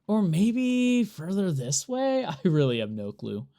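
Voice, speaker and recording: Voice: medium pitch, sing-song, unhurried, warm tone. A streamer chatting to viewers during a live gameplay stream, rambling and exasperated, laughing often. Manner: exasperated, rambling, talks to chat while playing.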